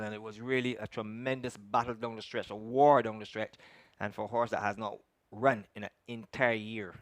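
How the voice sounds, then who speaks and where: A man, a racecourse announcer reading out the runners and recapping results in a measured, formal way, politely correcting his own slips from a commentary box. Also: medium pitch, a bit bright, dry recording. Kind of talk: horse racing announcing and recap.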